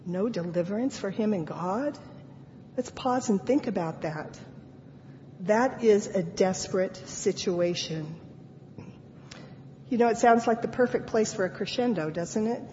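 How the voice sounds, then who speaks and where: A woman preaching a sermon, reading scripture with earnest feeling and leaving deliberate pauses. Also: mid-range voice, warm tone, in a large hall, muffled recording, a little hiss or hum. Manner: slow, deliberate delivery.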